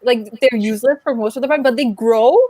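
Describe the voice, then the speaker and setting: A woman's voice: fairly high pitch, fast, warm tone, dry recording. A young woman in a book club chat on a video call, ranting animatedly, swearing and laughing. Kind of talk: casual chat.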